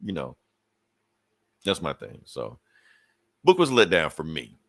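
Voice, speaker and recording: A man's voice: a bass voice, wildly swooping pitch, slow, creaky, fairly bright tone, no room sound, clean studio sound. A man co-hosting a podcast, casually retelling a comic book story and acting out the characters' lines with cursing. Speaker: podcast co-host.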